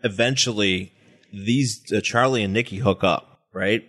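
A man's voice: fairly low pitch, unhurried, fairly bright tone. A man co-hosting a podcast, chatting casually in a rambling, joking way with frequent restarts. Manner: rambling, restarts often, jokey. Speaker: podcast co-host. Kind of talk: casual chat.

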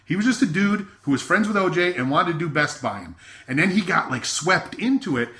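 A man's voice: fairly high pitch, expressive, fairly quick, sharp tone. A man chatting casually, filling in background for listeners with many fillers and asides. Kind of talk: casual podcast chat.

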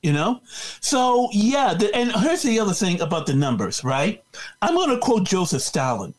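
A man, a guest on a talk show, speaks in a high, bouncing voice that swings up and down. He rambles, circles back and restarts his sentences, all in an easy, casual way. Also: normal speed. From Chicago South Side. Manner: animated, rambling, many fillers and restarts. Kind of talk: casual radio chat.

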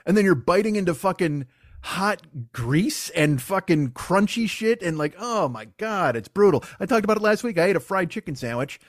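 A man with a fairly high voice riffs through a comedic podcast monologue. He rambles, swears freely and stays animated. The sound is close and dry, with no room in it. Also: moderate pace, dry recording. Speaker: podcast host.

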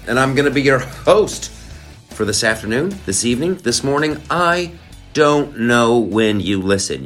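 A man hosting his own podcast in a casual, playful monologue, drifting onto tangents and joking between loud bursts and quiet asides. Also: mid-range voice, big pitch swings, measured pace, faint music behind. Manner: playful, rambling, goes off on tangents. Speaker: podcast host.

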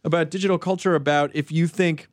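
Easygoing host, slightly higher male voice. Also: fairly even intonation, quick pace, no room sound, studio quality. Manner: easygoing, teasing, swears casually. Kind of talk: casual interview chat.

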